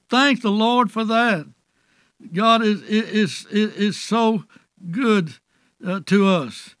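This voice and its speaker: High-voiced, slow-preaching man. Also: a bit bright, dry recording. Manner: earnest, halting restarts, often says "dear soul". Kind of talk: sermon.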